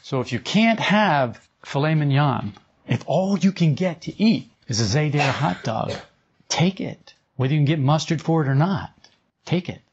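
Husky guy teaching a spiritual group, pitch jumps all over, kinda dull lo-fi sound. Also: normal speed. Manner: conversational, chuckles often, animated retellings. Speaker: esoteric teacher. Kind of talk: informal spiritual talk to a group. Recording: dull lo-fi recording.

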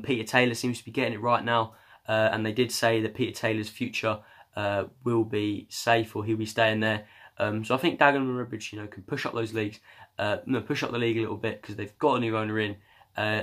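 A young man with a medium-pitched, fairly bright voice chats casually about football news, rambling and hesitating with lots of ums and uhs.

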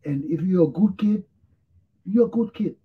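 A man's voice: sits high, moderate pace, breathy edge, narrow, tinny audio. A male talk show host, tired and yawning, giving blunt, repetitive commentary on his own. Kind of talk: casual solo commentary.

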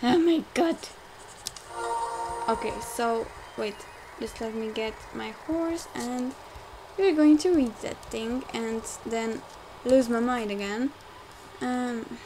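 A young woman rambling through casual gameplay commentary, full of fillers and quick to get frustrated, recorded at home on a desktop mic. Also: on the high side, a little mellow, a little hiss or hum, poor audio. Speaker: game let's player. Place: home room, car audible outside.

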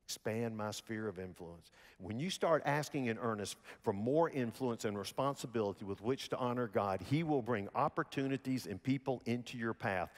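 A man with a Southern American accent from Alabama, preaching a sermon in a folksy storytelling manner with lively voiced quotes. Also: medium pitch, big-room sound. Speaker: pastor. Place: church sanctuary.

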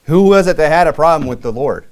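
A man's voice: on the high side, expressive, fast talker. A married man preaching a sermon in a loose, conversational way, with frequent fillers and restarts. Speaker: pastor.

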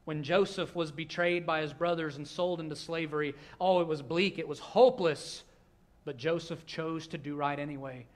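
A male pastor, preaching a sermon in a church with a conversational manner that swings between hushed and loud. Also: fairly high pitch, steady tone, normal speed. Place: church sanctuary.

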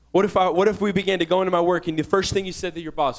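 A young man preaching with a notably high voice, fervent and urgent. He swings from hushed asides to loud shouted calls, keeping a lively, personal sermon tone. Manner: fervent, rising to shouts, with quick asides and laughs. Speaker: guest preacher.

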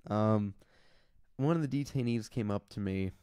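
A man's voice: on the low side, moderate pace, dark tone, smooth. Rambling storytelling man on a podcast. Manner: rambling storyteller who acts out quoted people. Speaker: podcast co-host, detention officer. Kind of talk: casual podcast chat.

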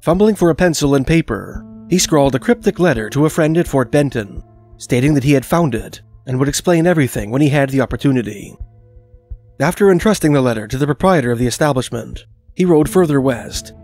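Scripted documentary narration is delivered by a man whose voice sits mid-range. His storytelling is measured and even.

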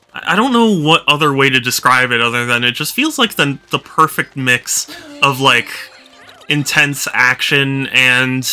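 A man's voice: medium pitch, sharp tone. A man doing casual live-stream commentary while playing a video game, tired and yawning, rambling with lots of fillers and restarts.

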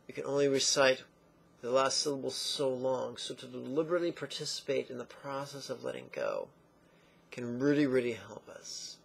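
A man teaching a guided meditation lesson, speaking slowly and calmly with playful asides and long intoned chants. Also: medium pitch, vocal fry.

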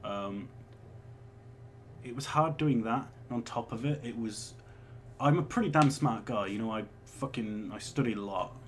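A young man in his twenties talks loosely through viewer questions, rambling from one thought to the next with a mid-pitched voice. A faint hiss sits under the recording. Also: normal speed. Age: 20s. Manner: rambling and chatty, with swearing and laughs. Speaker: vlogger answering viewer questions. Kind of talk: casual chat.

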